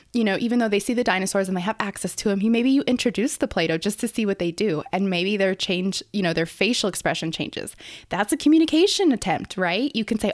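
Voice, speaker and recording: A woman's voice: mid-range voice, dry recording, clean studio sound. A young woman hosting a casual educational podcast as a speech therapist, explaining in her early-morning voice with many fillers and restarts.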